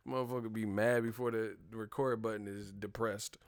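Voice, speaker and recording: A man's voice: mid-range voice, a little fast, hardly any pauses, no echo, studio quality. A young man hosting a boxing live stream, ranting casually and profanely and slipping into impressions of the people he talks about. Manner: animated, profane, mimics others mid-rant. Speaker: boxing show host.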